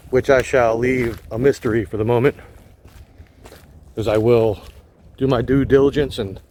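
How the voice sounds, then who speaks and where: A man vlogging while he walks wooded park trails, thinking aloud in a relaxed way with frequent pauses, filmed on a phone held on a gimbal. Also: mid-range voice, slight background noise. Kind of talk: casual walking narration.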